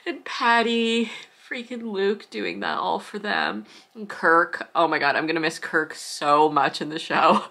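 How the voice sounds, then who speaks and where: Low, gravelly woman vlogging casually. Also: measured pace, sharp tone. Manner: gushing, chatty, swears casually. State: tired. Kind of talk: casual chat to camera.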